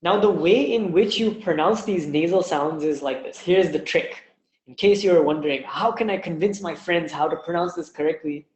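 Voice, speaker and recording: Guy teaching an online class, patient, slightly high voice, lots of room echo. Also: darkish tone. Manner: patient, demonstrates sounds slowly. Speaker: language teacher. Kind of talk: online lesson. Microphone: webinar mic.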